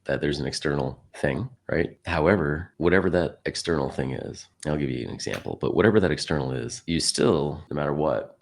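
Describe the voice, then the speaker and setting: A man with an extremely low voice and a gravelly fry tells a story on a podcast. He chats casually, acts out what people said, and clears his throat now and then. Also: fairly quick, hardly any pauses. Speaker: podcast guest.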